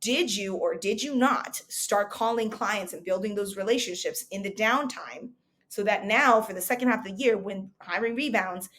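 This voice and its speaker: A woman in her thirties giving a recruitment coach's motivational market update, energetic and emphatic, driving her points home with repeated rhetorical questions. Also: medium pitch, normal speed, a little hiss or hum.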